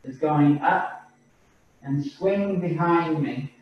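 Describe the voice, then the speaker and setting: A man teaching a qigong class over a video call, giving slow, calm breathing and movement cues. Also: on the high side. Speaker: qigong instructor. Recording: roomy, distant, dull video-call audio.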